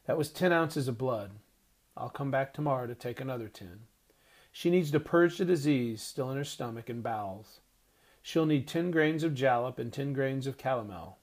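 A man reading an audiobook voicing a stern, educated doctor who speaks bluntly and gruffly. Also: mid-range voice, moderate pace, natural voice.

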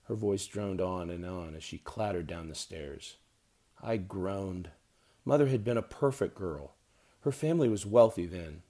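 Guy reading an audiobook, low gravelly voice, measured and a bit wry. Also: warm tone. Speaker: audiobook narrator. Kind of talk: scripted narration.

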